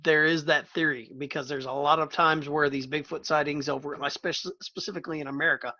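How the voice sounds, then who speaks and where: Man, podcast host, high voice, casual storytelling, playful, muffled lo-fi sound. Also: fairly even intonation, brisk, sharp tone. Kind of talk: casual chat.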